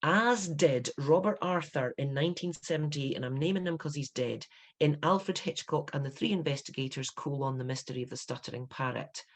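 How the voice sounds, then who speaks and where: A Scottish woman in her fifties, an author giving an instructive talk to writers, emphatic and animated, with bursts of indignation. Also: sits low, fairly quick. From Scotland. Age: 50s.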